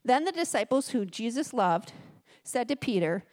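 A woman's voice: on the high side, big pitch swings, normal speed, a little mellow. A woman giving a conversational sermon, reading scripture aloud with chatty, joking asides. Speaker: guest speaker at a church service. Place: church service.

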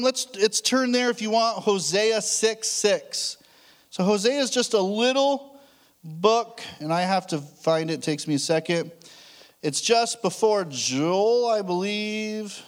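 A man's voice: high voice, animated, normal speed. A man preaching a sermon as a pastor, telling stories in a casual way with frequent restarts. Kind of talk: conversational sermon.

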